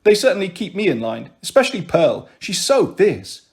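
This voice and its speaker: A man's voice: high-pitched, sing-song, normal speed, darkish tone. A man voicing a tall, shy teenage boy who talks politely and a bit awkwardly, in an audiobook reading.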